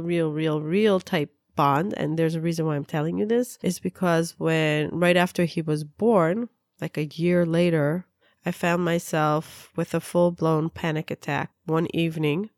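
A middle-aged woman from Israel tells a personal story in an earnest, heartfelt way, doubling her words for weight. Her voice sits low with a gravelly edge, and the sound is close and dry. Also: steady tone, measured pace, a little mellow, no echo. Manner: earnest, repeats words for emphasis. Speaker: speaker sharing a personal story.

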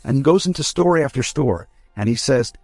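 A man, a rabbi, telling a story in a lively way and acting out the characters' voices. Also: medium pitch, normal speed, dry recording, soft background music. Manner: animated, acts out quoted voices.

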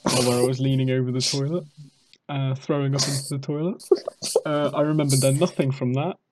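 A man's voice: medium pitch, steady tone, a little fast, darkish tone, slight background noise. Young man, British, casual storytelling, rambling, self-mocking. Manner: rambling, self-mocking, acts out drunk quotes.

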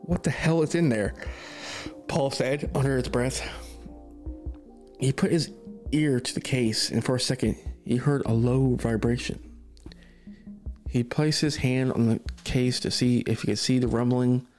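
Guy reading a creepy story out loud, steady pace, faint music behind. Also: medium pitch, unhurried, long pauses. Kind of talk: podcast story narration.

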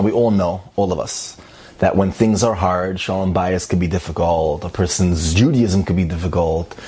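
A man telling a story in a casual, animated way, repeating phrases and sprinkling in Hebrew and Yiddish words. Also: sits low, husky.

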